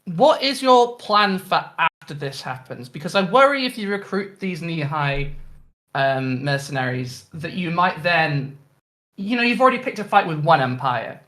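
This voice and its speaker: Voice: medium pitch, animated, moderate pace, fairly bright tone. A player in a tabletop game, asking questions in character. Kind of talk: tabletop game role-play.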